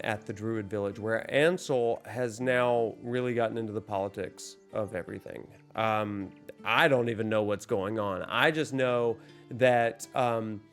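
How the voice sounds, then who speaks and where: A man of middling pitch recaps his game session in a loose, rambling way, full of "um"s and restarts and quick to poke fun at himself. Faint music sits quietly behind his voice, and he talks like he is at a desk mic in a home gaming setup. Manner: rambling and self-deprecating, many fillers. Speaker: gaming vlogger. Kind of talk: casual recap vlog.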